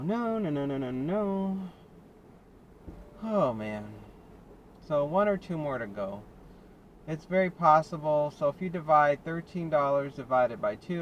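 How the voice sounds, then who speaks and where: A fairly high-voiced American man talks his way through a delivery shift from behind the wheel, a little out of breath. His chat is loose and self-mocking, broken up by laughs. Steady car and road noise runs under his voice. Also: muffled recording. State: winded, short of breath. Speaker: delivery driver vlogger. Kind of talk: casual running commentary while driving. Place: inside a car on city streets. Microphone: dash cam or phone mic in car.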